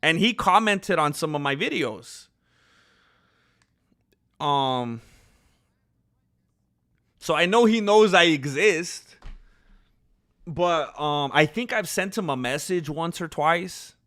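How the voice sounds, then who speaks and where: A man's voice: fairly high pitch, lively intonation, slow, pauses often, fairly bright tone, no echo. A man hosting his channel, chatting casually and rambling with lots of fillers and restarts, hiccuping and burping as he talks. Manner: rambling, self-deprecating, many fillers and restarts. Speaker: channel host. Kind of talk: casual livestream chat.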